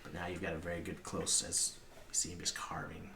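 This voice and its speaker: A man narrating as game master, in a hushed, halting voice with many fillers. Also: deep voice, little pitch movement, creaky, distant mic. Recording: echoey room with background noise.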